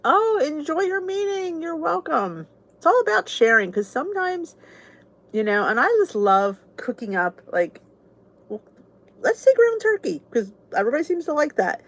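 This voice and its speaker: Woman, middle-aged, casual chatty host, laughs often, frank, lively voice. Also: high-pitched, moderate pace. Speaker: vlog host. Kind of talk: casual chat with viewers.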